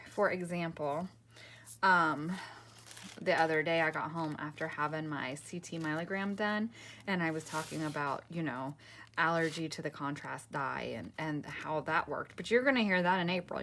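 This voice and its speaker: A low, slightly bright woman's voice, with a little hiss or hum, belongs to a crafting vlogger. She chats casually to viewers while crafting at her table, frequently laughing, rambling and cutting herself off.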